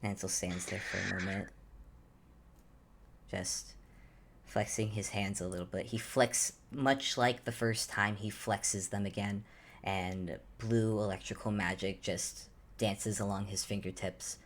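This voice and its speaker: Slow, searching tabletop game narrator. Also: low-pitched, fairly even intonation. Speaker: player.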